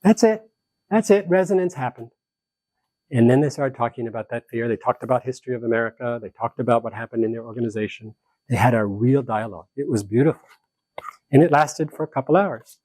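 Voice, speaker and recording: A man speaking as a conflict mediator at a seminar, telling a story with animated energy and acting out the people in it. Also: medium pitch, dry recording. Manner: animated, acts out quoted dialogue in the story. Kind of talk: storytelling lecture to a live group.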